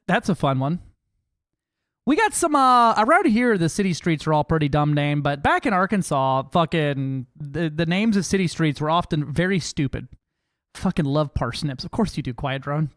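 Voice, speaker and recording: An American man chatting on a live game stream, joking with his viewers in loud, profane banter. His voice sits high for a man. The sound is dry and close to the mic. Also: dry recording. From United States. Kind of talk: casual live-stream chat.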